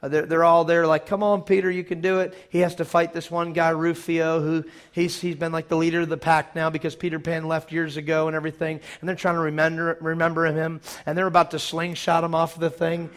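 A man preaching a sermon who retells a movie in an animated way, acting out the scenes with sudden loud bursts. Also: on the high side, brisk, few pauses.

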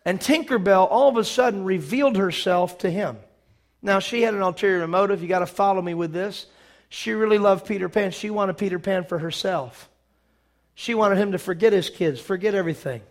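Animated high-voiced preacher telling a story. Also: male voice, a little fast. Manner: animated storytelling, acting out scenes, sudden loud bursts. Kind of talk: sermon with movie retelling.

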